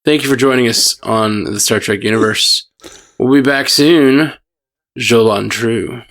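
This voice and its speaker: A man's voice: medium pitch, moderate pace, fairly bright tone. A man co-hosting a podcast, talking casually, agreeing easily and stumbling over his restarts. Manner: stammering restarts, easygoing agreement. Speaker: podcast co-host. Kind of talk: casual chat.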